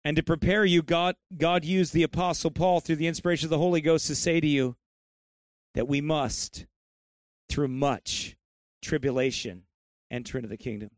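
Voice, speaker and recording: A man's voice: a little high, steady tone, normal speed, dry recording. A man preaching a fervent sermon, building to emphatic peaks and then praying.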